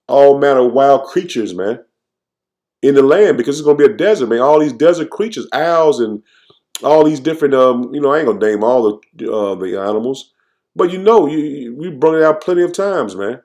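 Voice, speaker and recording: A man giving an informal, fervent sermon, reading verses slowly and then commenting, tagging "man" onto nearly every phrase. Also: medium pitch, a little mellow. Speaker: scripture teacher. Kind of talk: informal preaching with scripture reading.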